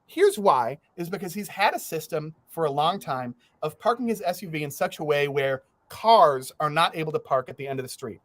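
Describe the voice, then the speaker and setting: A man hosting a podcast, telling a story in casual chat, animated, laughing through it and swearing freely. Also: on the high side, brisk, hardly any pauses, no echo. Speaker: podcast host.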